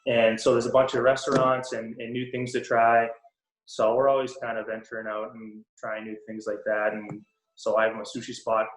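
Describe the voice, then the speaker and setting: A young man with a Boston accent, a guest in a casual interview, relaxed and rambling with many ums and restarts. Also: mid-range voice, moderate pace. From Boston area. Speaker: podcast guest, pro hockey player. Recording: roomy echo.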